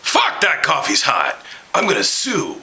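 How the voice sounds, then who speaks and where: A brash, crude, flirty aging male film star , as a man puts him on, with a gravelly voice that swings wildly up and down. He lurches from hushed whispers to barked shouts. The tone is strikingly bright and sharp. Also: fairly high pitch, wildly swooping pitch, unhurried, full character voice, poor audio. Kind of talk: comedic celebrity impression.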